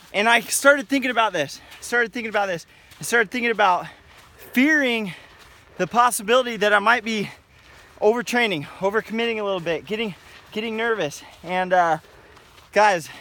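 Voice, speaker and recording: Man, wrestling coach, motivational pep talk, high voice, outdoors in the mountains, emphatic and repetitive. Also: bright, forceful tone. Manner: emphatic, repetitive, tags lines with "okay?".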